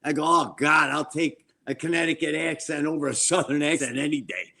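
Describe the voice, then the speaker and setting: A man's voice: a little high, fairly even intonation, brisk, creaky, sharp tone. A man in his seventies telling blunt, profane stories as an interview guest at home, acting out what others said. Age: 70s. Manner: blunt, profane, quotes people in their voices. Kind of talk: casual storytelling interview.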